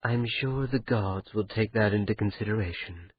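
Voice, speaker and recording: A man reading an audiobook, voicing a calm, wry young pregnant woman speaking softly and teasingly to her lover. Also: on the low side, normal speed, breathy edge, dull audio. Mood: hushed.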